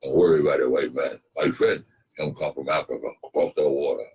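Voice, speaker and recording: A man voicing a stern Apache chief who guards his land, speaking in slow, clipped, broken phrases with a husky tone. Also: a bass voice, fairly even intonation, darkish tone, full character voice, poor audio. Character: gruff low-voiced Apache chief, male, stern landowner.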